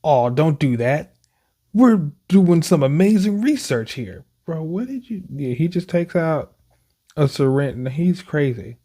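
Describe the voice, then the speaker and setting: A man casually reading comic panels aloud and reacting to them, breaking in often with exclamations. He speaks slowly with a mellow, dark tone. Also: a little high, expressive. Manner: reads panels aloud, frequent "says" and exclamations. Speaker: manga reaction host.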